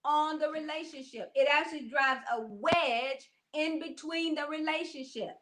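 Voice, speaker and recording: Emphatic co-host, woman, high bright voice, preachy call-and-response style. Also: normal speed. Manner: emphatic, preachy, keeps saying "come on". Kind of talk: casual chat.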